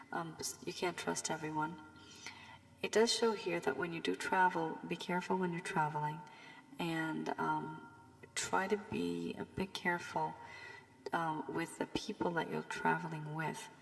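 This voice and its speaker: A woman with a low, gravelly voice talks through a tarot reading, still hoarse from a cold and now and then sinking to a whisper. She rambles with frequent fillers as she warns and advises. A long reverb trails behind her words. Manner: loose and rambling with many fillers, warning and advising. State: recovering from a cold, voice strained. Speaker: tarot reader. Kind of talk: casual tarot reading monologue.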